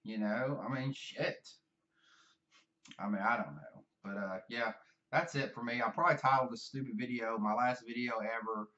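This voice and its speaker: A man's voice: mid-range voice, moderate pace, sharp tone, distant mic. Brief: Southern US guy, meandering, cursing, self-deprecating vlog ramble, muffled and set back from the mic. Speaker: vlogger. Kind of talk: rambling casual monologue.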